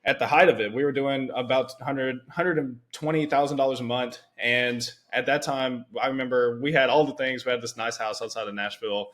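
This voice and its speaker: Young guy hosting a podcast, talks fast and loose with lots of "it's like" asides. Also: medium pitch. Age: young adult. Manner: animated storytelling with many "it's like" asides. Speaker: podcast host. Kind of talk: conversational interview.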